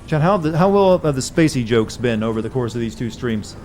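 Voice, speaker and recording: Male streamer, quick sarcastic gaming commentary, mid voice, faint hiss. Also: medium pitch, lively intonation, a little mellow. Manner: joking, sarcastic asides.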